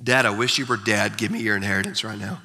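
A reckless, selfish younger son, put on by a preacher, with the voice pushed low and muttered. Long reverb trails each line in a large hall. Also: male voice, steady tone, quick pace, pushed and bright. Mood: brash.

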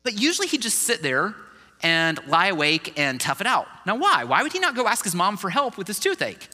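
A man preaching a sermon as a pastor, in a conversational, animated way. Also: sits high, fairly quick, long reverb tail.

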